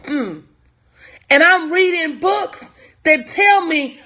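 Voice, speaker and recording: A woman's voice: very high-pitched, expressive, slow, pauses often, bright, forceful tone. A woman life coach giving a motivational talk on a live stream, repeating lines for emphasis and calling out viewers by name. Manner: talks to viewers in chat by name.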